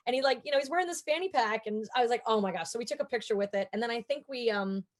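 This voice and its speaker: A woman in her forties with an American accent, a guest actor in a casual interview, chatting and telling stories with lively quoted asides. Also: rapid-fire. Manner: chatty storyteller, acts out quotes in higher voices.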